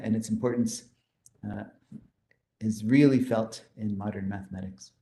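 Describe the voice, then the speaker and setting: A man lecturing on mathematics in a mellow, darker voice. He explains each step with enthusiasm and walks through formulas. The sound is roomy, with a noticeable echo. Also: fairly low pitch, steady tone, normal speed. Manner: explanatory, enthusiastic, pointing to slides. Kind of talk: math lecture.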